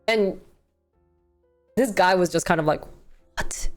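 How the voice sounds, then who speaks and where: A woman's voice: mid-range voice, lively intonation, unhurried. A woman hosting a talk show, telling a story casually with lots of fillers and acted-out quotes. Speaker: host.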